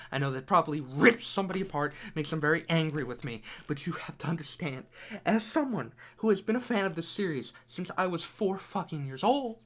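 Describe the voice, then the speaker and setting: A young man in his twenties giving an angry, profanity-filled game critique, repeating himself, swinging between loud outbursts and low, bitter muttering. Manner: furious, profane, repetitive ranting.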